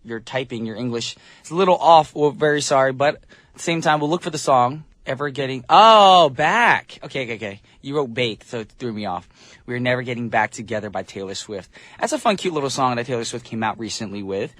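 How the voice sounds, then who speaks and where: A man's voice: mid-range voice, lively intonation, quick pace, dry recording, studio quality. A man working as a radio DJ, chatting casually and upbeat between songs, rambling a little with fillers. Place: radio studio. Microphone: studio microphone.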